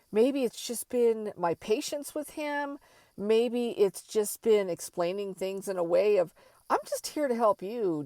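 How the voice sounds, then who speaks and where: A middle-aged woman telling a candid personal story in a rambling, animated way, with many fillers and restarts. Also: fairly high pitch, dry recording, studio quality. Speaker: vlogger.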